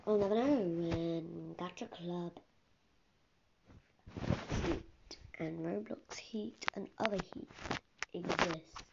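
A woman's voice: on the low side, vocal fry. A teenage girl hosting a casual solo podcast, rambling and often dropping into a whisper. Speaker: podcast host. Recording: dull lo-fi recording with faint hiss.

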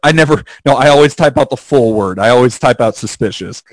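A man's voice: medium pitch, brisk, no room sound, rough recording. A man chatting casually on a podcast, telling stories with lots of swearing and acted-out quotes. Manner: animated storyteller, swears a lot, acts out quotes. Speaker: podcast co-host. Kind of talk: casual chat.

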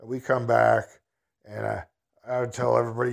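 A man's voice: medium pitch, level tone, moderate pace, creaky. A man telling a casual personal anecdote in a folksy, rambling way, chuckling at his own story.

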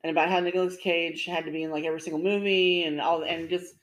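A woman with a somewhat low voice chats casually on a podcast. She tells stories in a rambling way, full of fillers and restarts. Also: fairly even intonation, fast, low-quality recording. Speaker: podcast co-host. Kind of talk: casual chat.

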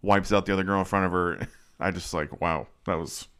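A man with a low, deep voice chats in a laid-back way on a movie podcast. He talks loosely and fills his sentences with "like". His tone stays easygoing. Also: a little fast, smooth. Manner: relaxed, uses lots of "like" fillers. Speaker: podcast co-host. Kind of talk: casual movie podcast chat.

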